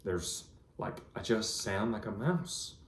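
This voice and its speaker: Casting: vlogger in his thirties, lowish voice, earnest and rambling, recorded in a reverberant room. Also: animated, slow, vocal fry. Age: 30s. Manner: earnest, rambling storytelling with many ums. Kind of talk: casual personal vlog. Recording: echoey room.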